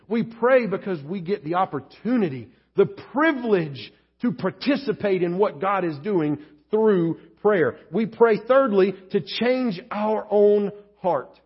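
A man preaching a sermon as pastor, telling stories with lively acted-out voices. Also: sits high, breathy edge, lo-fi sound. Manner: animated storytelling, acting out quoted voices.

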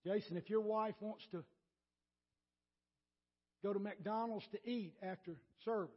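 In a steady, slightly slow delivery, a pastor with a remarkably high, raspy voice preaches to his congregation, naming listeners and repeating himself as his point builds. He shifts between quiet, almost whispered asides and loud emphasis, captured on a muffled, lo-fi recording.

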